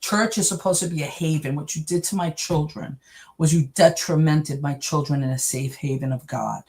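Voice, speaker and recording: A woman's voice: low-pitched, moderate pace. A middle-aged woman from New York telling her story in an interview, animating it with the voices of the people in it. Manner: animated, acts out others' voices in her stories. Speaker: interview guest.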